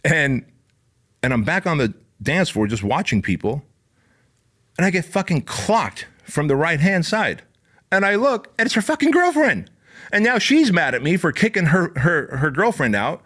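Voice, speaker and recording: A man hosting his own podcast, telling a wild personal story in a casual, profane, animated way, full of "like" and "bro.". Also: fairly high pitch, normal speed. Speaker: podcast host.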